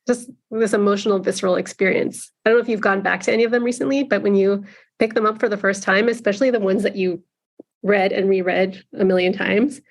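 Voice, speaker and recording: A woman's voice: medium pitch, steady tone, quick pace. A woman film director talking earnestly and reflectively as a guest in an interview. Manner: earnest, reflective, with some restarts. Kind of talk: casual interview conversation.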